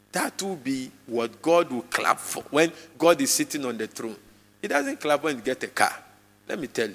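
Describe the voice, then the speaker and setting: A man preaching a live sermon to a congregation, emphatic and repetitive, his voice jumping suddenly in pitch and loudness. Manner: repeats phrases for emphasis. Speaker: pastor. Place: church hall with congregation. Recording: long reverb of a large church hall.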